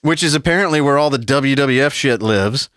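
Talking fairly quickly at a medium pitch, this podcast co-host in his forties tells animated, profane stories and laughs often in casual chat. The sound is clean studio quality with no echo.

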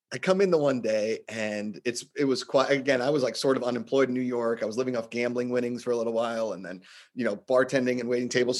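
A man telling stories in casual podcast chat, animated, acting out quotes in shifting voices. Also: mid-range voice.

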